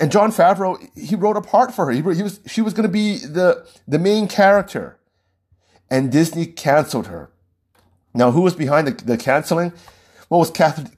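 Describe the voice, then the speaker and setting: A man's voice: on the high side, darkish tone, husky. A man hosting a show, giving a casual, rambling political commentary monologue with frequent chuckles.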